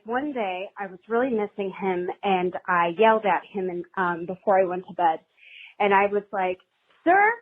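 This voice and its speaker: A woman caller leaving a rambling, nervous voicemail on a podcast hotline, telling a personal story. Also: mid-range voice. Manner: rambling, nervous, self-deprecating. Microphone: phone. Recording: tinny phone line.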